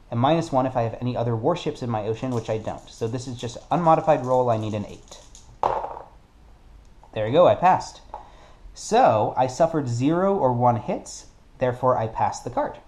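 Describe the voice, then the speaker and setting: Man, mellow dark tone, casual board game rules talk, thinking aloud, self-correcting. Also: mid-range voice. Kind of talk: solo tabletop playthrough, explaining rules.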